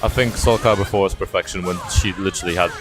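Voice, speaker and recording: A man commentating a fighting game tournament, joking with his co-commentator between fast play-by-play calls. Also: deep voice, fairly even intonation. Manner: quick, joking, trails into quiet asides. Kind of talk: esports commentary and banter. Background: music.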